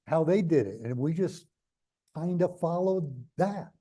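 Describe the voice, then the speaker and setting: An older man with a New York accent speaks bluntly, rambling from one story to the next with jokes along the way. His voice sits fairly high but sounds mellow and dark. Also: lively intonation, unhurried. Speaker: guest speaker. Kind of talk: conversational interview on stage.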